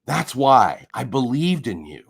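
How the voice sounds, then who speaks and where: An angry man on a livestream, swearing and swinging between low mutters and shouts. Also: big pitch swings, a little slow, vocal fry, breathy edge. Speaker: streamer. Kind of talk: heated livestream rant.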